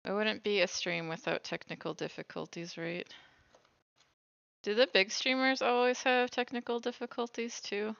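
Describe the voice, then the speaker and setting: A woman chats casually on a baking livestream, thinking aloud as she works. Her voice is bright and crisp, with some vocal fry. The recording is dry and a little dull, with a lo-fi sound. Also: mid-range voice, fairly even intonation, moderate pace, no room sound. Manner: chatty, thinks aloud while cooking. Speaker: streamer.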